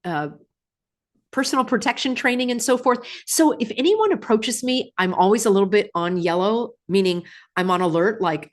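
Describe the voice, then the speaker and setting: A middle-aged woman from California talking casually to her viewers, with sudden high, emphatic bursts. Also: animated, normal speed. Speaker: vlogger. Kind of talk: casual talk to camera.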